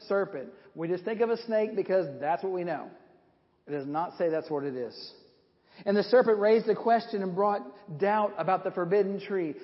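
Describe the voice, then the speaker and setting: A man preaching a sermon, emphatic, asking rhetorical questions and repeating words for stress. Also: high voice. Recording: dull lo-fi sound with long hall reverb.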